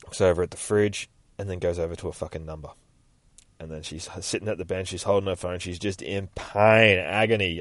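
A man's voice: sits low, steady tone, a little fast, fairly bright tone, no echo. A man hosting a casual comic book podcast, retelling a story in a rambling way and swearing freely.

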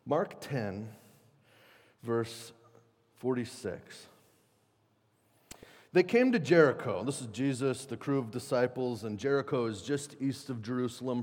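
Man preaching in a reverberant hall. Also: mid-range voice. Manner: conversational, animated, acts out quotes with shifts in loudness. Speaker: pastor. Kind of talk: sermon.

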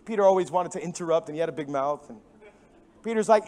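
A man preaching a sermon as a pastor into a microphone in a church, animated and emphatic, swinging between loud stresses and hushed, soft passages. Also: a little high, fast. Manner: animated storytelling with sudden drops to hushed tones.

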